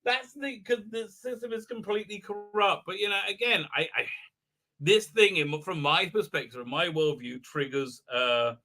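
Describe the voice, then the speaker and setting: A man's voice: high-pitched, normal speed, bright, forceful tone. A middle-aged man hosting a casual livestream, rambling with many fillers and restarts. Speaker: livestream host.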